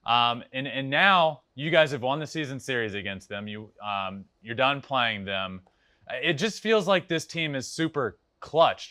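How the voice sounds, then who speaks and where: A young man hosting a podcast, chatting casually and telling animated, laughing stories. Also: medium pitch, no room sound, clean studio sound. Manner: animated storyteller, laughs often. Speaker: podcast host. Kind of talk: casual interview chat.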